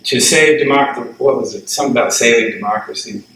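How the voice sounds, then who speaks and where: A man's voice: mid-range voice, fairly quick, a bit bright, slight background noise. Male lecturer, middle-aged, casual classroom delivery; distant, roomy recording. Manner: conversational, asks the class questions, laughs at his own asides. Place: lecture room.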